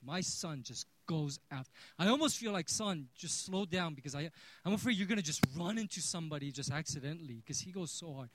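Pastor, male, 30s, sermon with story, voice slightly high, dynamic from quiet to loud. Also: no room sound, rough recording. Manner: storytelling, swings between hushed and loud.

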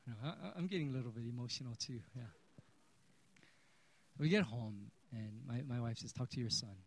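A man in his thirties giving a sermon, telling a personal story and swinging between hushed and loud. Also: mid-range voice, fairly quick, rough recording. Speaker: pastor.

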